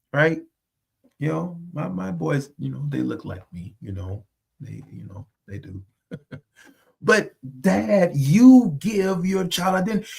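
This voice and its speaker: A man's voice: high voice, gravelly, slightly rough. A man from the United States hosting a faith podcast, talking in an earnest, emphatic, preacherly way. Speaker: host.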